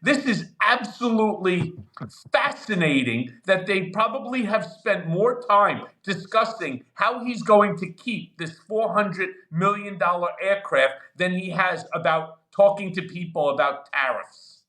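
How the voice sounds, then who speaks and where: A man in his fifties co-hosting a political chat, blunt and animated, laughing as he talks. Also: high-pitched, a little slow. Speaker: co-host.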